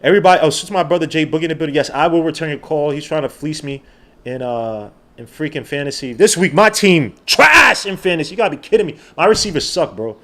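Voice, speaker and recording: Animated New sports podcast host. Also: male voice, on the high side, fast. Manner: animated, rambling, exclaiming, repeats words. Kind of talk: live-stream sports talk.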